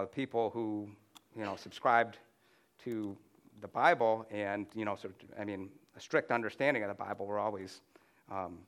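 A man's voice: on the low side, a bit bright. A man preaching a conversational sermon to a room, reading scripture aloud and often restarting with "you know.". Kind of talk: sermon with slides.

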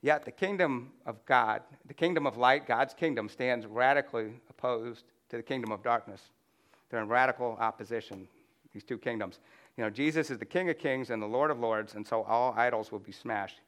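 With a fairly bright, mid-range voice at a moderate pace, a man gives a chatty sermon with slides to a room. He reads scripture out loud and frequently starts over with "you know."

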